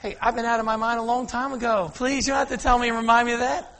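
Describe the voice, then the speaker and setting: A man preaching a storytelling sermon, animated, calling out to the congregation for an amen and telling them to watch. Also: extremely high pitch, fast talker. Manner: animated, asks the crowd "Amen?", often says "now watch". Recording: long hall reverb.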